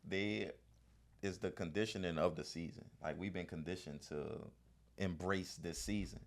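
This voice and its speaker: A man with a New Orleans accent and a low voice talks in a relaxed podcast conversation. He sounds thoughtful most of the time and picks up energy when he tells a story. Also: normal speed. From New Orleans, Louisiana. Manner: reflective, animated when telling stories. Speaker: podcast guest. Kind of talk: casual conversation.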